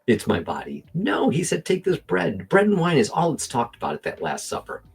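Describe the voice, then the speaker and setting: A man giving casual reaction commentary on a video, animated and argumentative, talking to himself as he edits at his desk mic. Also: medium pitch, a little fast, gravelly, husky, faint music behind. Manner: animated, argumentative, talks to himself while editing.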